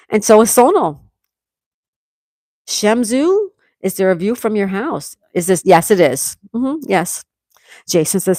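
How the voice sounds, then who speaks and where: A woman's voice: mid-range voice, no echo, studio quality. A woman from the United States hosting a casual live stream, chatting and reading viewer comments aloud in an upbeat way. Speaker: livestream host.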